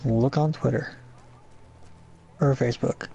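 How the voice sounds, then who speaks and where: A man's voice: medium pitch, fairly even intonation, vocal fry, warm tone, husky, dull audio. A young man chatting casually with friends during a live game stream, joking and acting out quotes. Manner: playful, acts out quotes, quick bursts of laughter.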